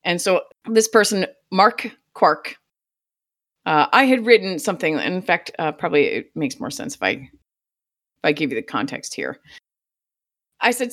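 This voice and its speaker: Woman guest, casual talk, lively swooping delivery, acts out quotes, salty language. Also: fairly low pitch, a little fast. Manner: animated storyteller, swears casually, acts out quotes. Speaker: podcast guest, open source software creator. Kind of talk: casual chat.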